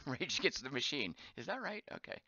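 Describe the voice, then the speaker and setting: Male streamer, lively bright voice, chatty play-by-play that reads the chat aloud and thinks out loud, slightly hoarse, dull dry mic. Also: mid-range voice, moderate pace, dry recording. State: voice going hoarse. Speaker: game streamer. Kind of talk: live gameplay commentary.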